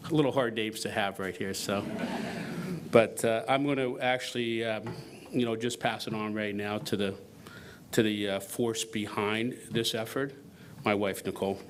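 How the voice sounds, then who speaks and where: A man's voice: on the low side, steady tone, noisy background. A middle-aged man speaking hesitantly at a ceremony, with lots of fillers and restarts, shifting the credit to his wife. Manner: halting, many fillers and restarts, self-deprecating. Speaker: donor giving remarks at a university event. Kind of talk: unscripted ceremony speech.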